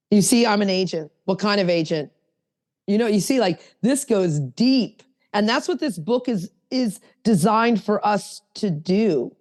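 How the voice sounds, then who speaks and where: Earnest woman co-host, middle-aged, lowish mellow voice, leans hard on key phrases. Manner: earnest, emphatic, slows down to stress phrases. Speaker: podcast co-host. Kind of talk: casual podcast talk reading from a recovery book.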